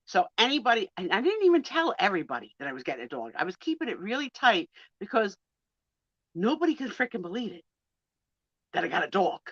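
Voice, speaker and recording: A woman telling stories in a casual live-stream chat, animated and quick to laugh, acting out what people said. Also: mid-range voice, breathy edge, dry recording. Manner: animated storyteller, quick laughs, acts out quotes. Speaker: guest co-host of a live sale chat. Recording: dull, dry lo-fi stream audio.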